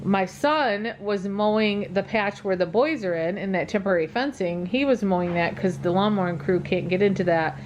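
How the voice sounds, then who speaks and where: A woman's voice: medium pitch, normal speed, few pauses, dull audio, slight background noise. Tired, rambling woman vlogger. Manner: chatty and rambling, many ums. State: tired and yawning. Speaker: dog channel vlogger. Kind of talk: casual chat to viewers. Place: at home.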